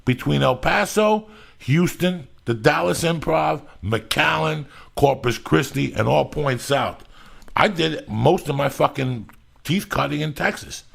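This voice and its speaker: A middle-aged man with a deeply gravelly, husky voice hosts a podcast in loose, profane chat. He rambles through stories with loud energy and constant swearing. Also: lively intonation, measured pace. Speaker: podcast host.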